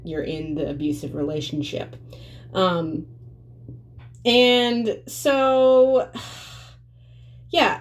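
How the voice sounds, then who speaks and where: A woman's voice: on the low side, a little mellow. A woman vlogging to camera in a blunt, profane, emphatic way, rambling with fillers. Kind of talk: casual monologue to camera.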